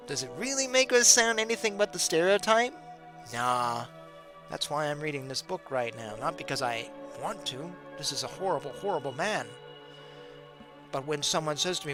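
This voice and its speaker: A middle-aged man talks casually and directly to his viewers, pitching rhetorical questions and chuckling now and then. His voice sits a little high for a man. Music runs steadily underneath. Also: lively intonation, moderate pace. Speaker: political commentary host. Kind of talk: casual direct-to-camera monologue.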